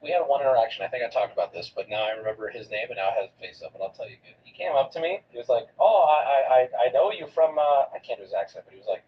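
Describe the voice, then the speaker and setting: Man, streamer, reaction commentary, loud outbursts and low asides, lo-fi audio, background noise. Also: lively intonation, racing, few pauses.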